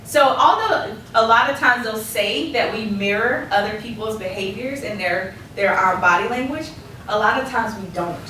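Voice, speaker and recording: A woman coaching a workshop audience on public speaking, lively and laughing often as she acts out quotes. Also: a little high, moderate pace, recorded from a distance, a little hiss or hum. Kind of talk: workshop presentation. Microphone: distant room mic. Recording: echoey room recorded from afar.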